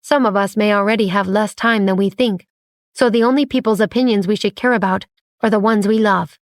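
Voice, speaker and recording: A woman doing a calm, sly toy robot. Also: mid-range voice, fairly quick, dry recording, clean studio sound, close to an everyday voice. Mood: calm, teasing. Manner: calm, flat and teasing.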